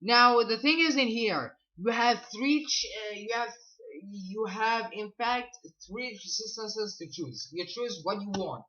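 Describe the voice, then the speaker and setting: Brief: male gaming vlogger, bright forceful voice, rambling casual review, muffled lo-fi mic. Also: high-pitched, lively intonation, a little slow. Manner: rambling, repeats "so yeah" and "believe me"; reads game stats aloud, stumbling over numbers. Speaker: gaming channel host. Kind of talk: casual game review commentary.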